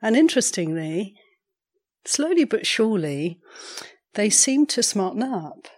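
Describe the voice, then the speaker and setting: A woman meditation teacher telling a story during a morning sitting, in a measured, unhurried way, clearing her throat now and then. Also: mid-range voice, very animated, darkish tone. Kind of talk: storytelling dharma talk.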